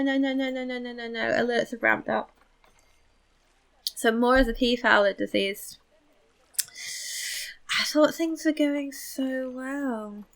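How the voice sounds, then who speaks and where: A woman's voice: a little high, a bit bright. Chatty woman narrating her gameplay. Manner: chatty, thinks aloud, self-mocking. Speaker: let's play host. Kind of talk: casual gameplay commentary.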